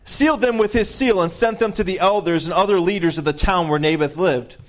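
A man's voice: high-pitched, brisk. A man leading a Bible study, reading scripture aloud and breaking off for conversational asides and questions to the group. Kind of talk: reading scripture with casual commentary.

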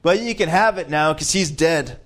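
A man's voice: fairly high pitch, moderate pace, a bit bright, close to an everyday voice. A man voicing a scheming ancient queen in a mocking, domineering tone while reading a Bible story aloud. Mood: scornful.

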